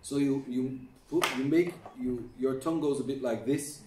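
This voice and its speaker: A man's voice: mid-range voice, normal speed, mellow, slight background noise. A middle-aged man teaching Quran recitation in a classroom, patiently demonstrating sounds over and over and coaching his students. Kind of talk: classroom lesson on pronunciation. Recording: echoey room, mic at a distance.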